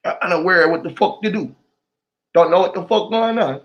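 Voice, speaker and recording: A man talking to camera in a rambling, emotional monologue, swearing often and swinging between loud outbursts and low mutters. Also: brisk, muffled recording. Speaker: vlogger.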